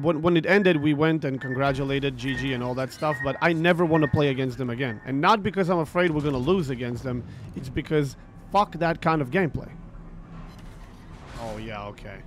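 A man ranting about a tournament over gameplay, frustrated and swearing, repeating himself as he tells the story. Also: a little high. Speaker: gaming streamer.

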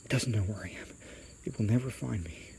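A man's voice: on the low side, brisk, creaky, dark tone, a little hiss or hum. A man voicing a frightened young boy who asks anxious questions. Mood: fearful.

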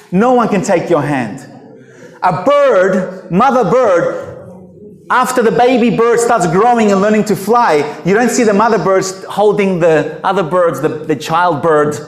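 A man preaching a sermon as pastor, emphatic and full of rhetorical questions to the congregation. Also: high voice. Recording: echoey hall.

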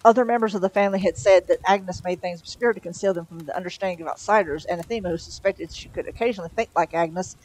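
A woman reading a novel aloud in a relaxed, conversational way. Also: fairly low pitch, fast talker, poor audio. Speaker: storyteller.

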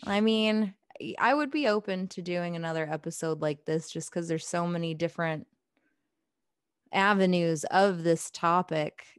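A young woman co-hosting a casual podcast, joking wryly and laughing often, turning gentle on serious points. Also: lowish voice, measured pace, clean tone, no room sound, studio quality. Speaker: podcast co-host. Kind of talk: casual chat.

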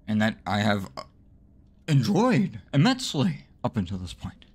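A gamer man narrates his playthrough with a very lively voice that swings all over the place. He swears freely and rants at himself in exasperation, and he breaks into sudden high-pitched yelps when things go wrong. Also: normal speed, slightly rough. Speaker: let's play gamer. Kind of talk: live gameplay commentary.

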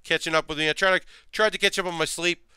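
This man streams himself building a model, speaking quickly in a high, bright, forceful voice with fairly even intonation. The sound is smooth with no echo. He's sleepy and yawning, rambling casually and muttering to himself as he works.

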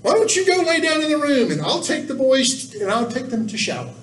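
A man's voice: very high-pitched, very animated, a little fast, voice pushed up. A man speaking as a kindly, eager friend in a story he retells, earnest and friendly. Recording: echoey room, distant mic.

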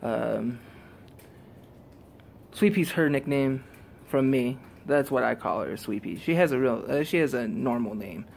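A man recording a casual vlog outdoors in a driveway, out of breath and talking in halting, quiet, earnest phrases. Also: medium pitch, animated, vocal fry, slight background noise. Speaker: vlogger. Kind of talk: casual vlog talk to camera.

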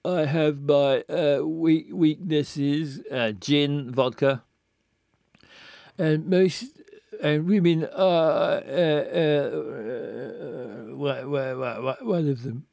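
A man voicing a drunk undercover agent who stammers heavily and talks slowly. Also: a little high, gravelly, darkish tone, no echo, full character voice. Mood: drunken. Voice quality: slurred, heavy stammering. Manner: slow, halting, deluded.

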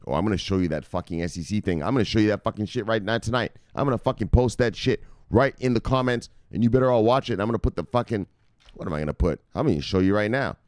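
A man hosting a crypto news show, ranting and swearing as he reads the headlines, laughing at his own jokes and swinging from shouting to muttering. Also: on the low side, fast talker, dry recording, studio quality. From United States. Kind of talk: profane ranting commentary.

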